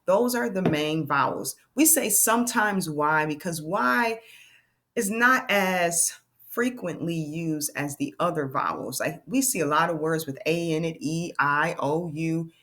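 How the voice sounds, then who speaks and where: A woman teaching a children's phonics lesson, slowly sounding out letters and cheering her young learners on. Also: on the low side, lively intonation, a bit bright.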